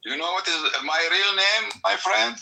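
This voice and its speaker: A man in a heated debate, speaking halting, broken English and arguing in a pleading way. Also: high-pitched, gravelly, sharp tone, poor audio. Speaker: debate participant.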